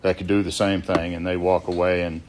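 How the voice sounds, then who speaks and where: Man, very low voice, plainspoken storyteller, talking to a recovery group. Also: fairly quick. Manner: plainspoken, quotes others in lively asides. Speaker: recovery speaker sharing his story. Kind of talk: storytelling talk at a sobriety gathering. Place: gathering at a biker rally.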